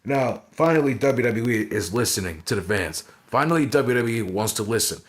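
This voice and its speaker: A man's voice: mid-range voice, expressive, normal speed. Profane, rambling man recapping a match. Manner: profane, rambling, fillers like "right?". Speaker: wrestling reviewer. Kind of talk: casual recap and commentary.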